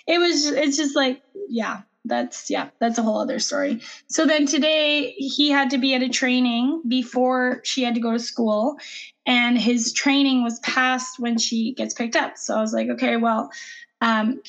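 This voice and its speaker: Mom in her 30s, high voice, rushing through a crazy morning story, super animated. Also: highs cut off. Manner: animated, breathless retelling with acted-out quotes. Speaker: podcast co-host. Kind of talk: casual storytelling chat.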